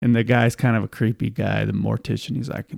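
A man's voice: on the low side, flat delivery, a little fast, vocal fry, darkish tone, no echo, clean studio sound. A man hosting a podcast, casually and animatedly retelling film scenes with frequent laughs. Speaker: podcast host. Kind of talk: casual chat.

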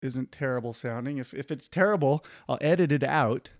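A man's voice: mid-range voice, moderate pace, a little hiss or hum. A man hosting a podcast in casual chat, rambling with asides and restarts into a studio microphone. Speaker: podcast host.

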